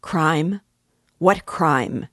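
A woman's voice: low voice, unhurried, breathy edge, no room sound, clean studio sound, exaggerated voice. A woman reading the lines of a tormented, proud young man in a novel, brooding and at times furious. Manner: brooding, bursts into fury.

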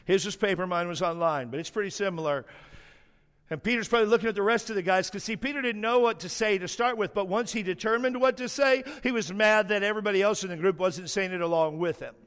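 A high-voiced man preaches a sermon with the energy of a storyteller, stretching out the words he wants to land. His voice rings with the long reverb of a large hall. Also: clean tone. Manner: animated storytelling, slows down hard for emphasis.

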